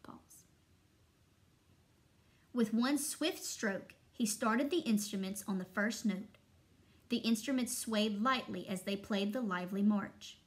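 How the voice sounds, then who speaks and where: A young adult woman who teaches first grade reads a story aloud to children, expressive and full of long pauses. Her voice sits in the mid range.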